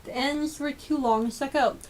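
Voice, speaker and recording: Woman, storybook reading, expressive storytelling, higher pitch. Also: moderate pace. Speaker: storybook reader. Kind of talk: reading a children's book aloud.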